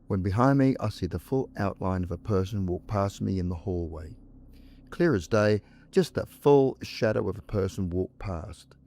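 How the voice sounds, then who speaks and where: A man reading first-person ghost stories as scripted narration, measured and with dramatic pauses. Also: on the low side, darkish tone, slight background noise.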